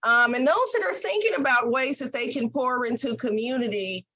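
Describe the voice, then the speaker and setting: Woman, podcast host, slightly high pitch, emphatic, folksy, heartfelt. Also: expressive, normal speed, bright, forceful tone. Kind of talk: conversational interview.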